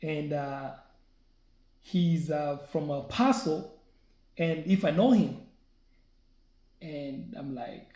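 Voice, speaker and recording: A man's voice: a little high, slow pace, pauses often, dark tone. A man vlogging, telling a personal story in a casual, chatty way and often checking in with "right?". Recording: echoey room.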